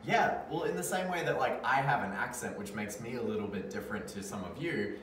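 A man's voice: medium pitch, lively intonation, a little fast, fairly bright tone. A man from Australia with an Australian accent, a friendly guest explaining things on a children's program. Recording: roomy and distant with faint noise.

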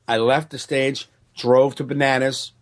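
This man's mid-range delivery is slow as the stand-up recounts a tale on a laid-back podcast. He curses often and animatedly voices the other characters himself.

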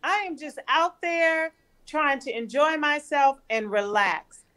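A woman physician on a live panel, giving relaxed, encouraging advice on exercise. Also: sits high, takes it slowly. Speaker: physician guest.

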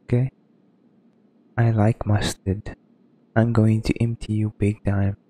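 A man's voice: lowish voice, little pitch movement, slow, warm tone, no echo. A man giving casual, rambling let's-play commentary, hesitant and full of ums. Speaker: gaming streamer.

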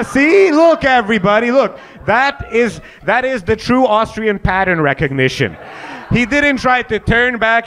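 A man's voice: high voice, fairly bright tone. A young man doing stand-up crowd work, riffing with the audience and acting out mocking voices in a comedy club. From Hungary and South Africa.

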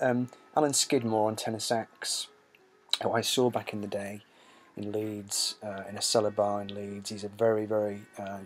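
Host, man, lowish voice, rambling casual music chat over faint background jazz. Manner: rambling, many ums and uhs. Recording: music playing behind.

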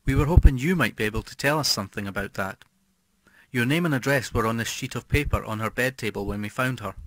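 A man's voice: medium pitch, quick pace, dry recording, lightly acted. A man reading the part of a formal, polite police officer asking questions in an audiobook. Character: formal, stern adult male police officer.

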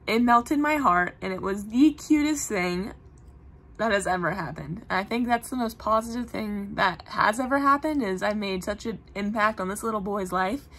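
A woman's voice: mid-range voice, normal speed, fairly bright tone. A young adult woman, a puppeteer, telling stories in casual, earnest chat. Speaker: puppeteer guest. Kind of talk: casual chat on a live web show.

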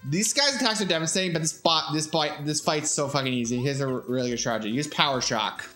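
A man's voice: fairly high pitch, quick pace. Chill guy talking thru a walkthrough, kinda rambly, faint game music behind. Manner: relaxed, rambling, with fillers and swearing. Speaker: gamer. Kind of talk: casual game walkthrough commentary.

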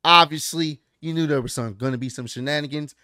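A man's voice: fairly high pitch, fairly quick, sharp tone, dry recording, clean studio sound. A man casually recapping a show in a loose, rambling way, full of fillers and slang. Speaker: wrestling recap vlogger.

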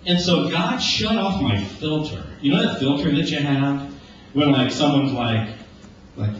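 A man in his forties preaching a casual, conversational sermon. He jokes and acts out everyday conversations in lively voices. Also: fairly high pitch, a little slow. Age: 40s. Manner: animated and joking, acting out everyday dialogue. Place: church sanctuary. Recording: echoey church, distant, dull lo-fi with hiss.

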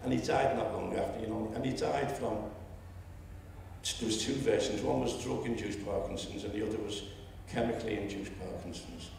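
Seventies Liverpool man, gravelly, public speech, roomy distant hall sound. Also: lowish voice, steady tone, moderate pace, slight background noise. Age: 70s. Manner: storytelling, rising to loud indignation. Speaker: public meeting speaker. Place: lecture hall. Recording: echoey hall, distant mic.

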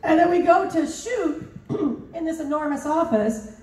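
Animated woman telling stories at a panel. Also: very high voice, measured pace. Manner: animated, laughing, lots of fillers. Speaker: voice actor and convention guest. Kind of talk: storytelling at a convention panel. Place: large convention hall. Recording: roomy hall, mic far off.

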